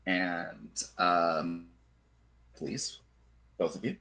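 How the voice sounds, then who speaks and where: A man running a tabletop game as game master over a voice call, talking haltingly with many fillers. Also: deep voice, expressive, creaky, pushed and bright, low-quality recording. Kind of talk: narrating a tabletop game online.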